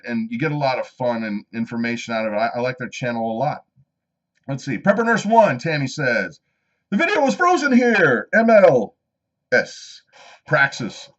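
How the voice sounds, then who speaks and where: A man hosting a homestead live stream, chatting casually and reading out viewer comments as he goes. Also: mid-range voice. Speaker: homestead channel host. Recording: slightly dull lo-fi live stream audio.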